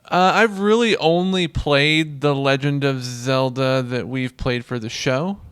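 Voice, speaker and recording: Male co-host, deadpan and hesitant, clear resonant tone, dry sound. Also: mid-range voice, measured pace, no room sound. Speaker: podcast co-host. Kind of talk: casual gaming podcast chat.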